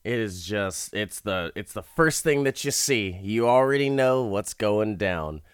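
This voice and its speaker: A man's voice: fairly low pitch, lively intonation, a little slow, smooth, no echo, studio quality. A man casually recapping a movie, laughing often, swearing freely and rambling.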